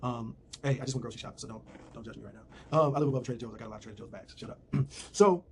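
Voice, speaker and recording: A man's voice: medium pitch, rapid-fire, darkish tone, slight background noise. A man giving a slangy, rambling casual recap of a TV episode from home. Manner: slangy, rambling retelling with fillers.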